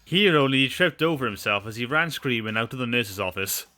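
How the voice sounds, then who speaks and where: A man's voice: mid-range voice, expressive, brisk, pushed and bright. A male streamer chatting casually, often stumbling over his words, and reading out story narration for a game. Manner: self-deprecating, stumbling.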